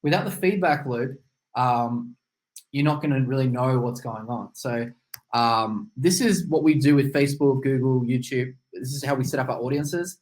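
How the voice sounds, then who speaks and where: A man's voice: mid-range voice, normal speed, low-quality recording. A man presenting casually on a video call, explaining steps with many fillers, his mouth numb from a tooth extraction. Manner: relaxed, filler-heavy explaining. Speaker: webinar presenter. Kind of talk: casual screen-share presentation.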